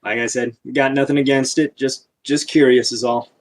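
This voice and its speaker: A man's voice: mid-range voice, level tone, normal speed. A man playing a tabletop role-playing game, speaking in character with an easygoing frontier drawl. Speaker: player.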